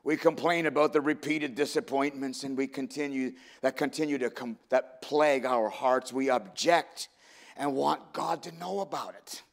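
A man's voice: mid-range voice, normal speed, vocal fry. A man preaching a sermon in an earnest, heartfelt way. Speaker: pastor.

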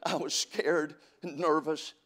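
Preaching slowly in a slightly high, somewhat bright voice with fairly even intonation, a middle-aged pastor from California works through his sermon. His storytelling keeps stalling into stammered restarts, while scripture comes out in a rising cadence.

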